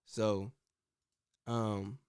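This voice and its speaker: A man hosting a casual commentary show, talking in an animated, slangy way with frequent "you know what I'm saying.". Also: lowish voice, drawn-out words, background noise. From United States. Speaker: host.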